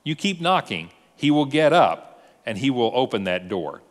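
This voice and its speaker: A male pastor giving a sermon, telling a story lively and acting out the characters' lines. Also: medium pitch, moderate pace, long reverb tail. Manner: animated storyteller, acts out dialogue. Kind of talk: sermon teaching.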